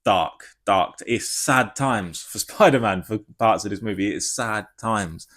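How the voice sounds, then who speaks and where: Excitable rambling man. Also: fairly low pitch, moderate pace. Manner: excitable, rambling, swears freely. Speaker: film reviewer. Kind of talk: casual spoiler review.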